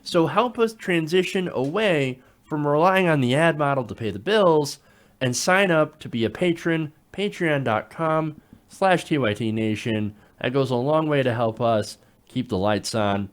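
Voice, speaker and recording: Animated, sarcastic male commentator. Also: a little high, unhurried. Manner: emphatic, sarcastic, repeats for emphasis. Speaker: political commentary host. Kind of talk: opinion commentary.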